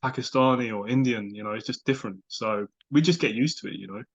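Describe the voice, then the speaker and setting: A man's voice: on the low side, quick pace, creaky, husky, dull audio. A man from London with a London English accent, a podcast guest talking casually in an easygoing way with many fillers. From London, England. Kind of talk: casual chat.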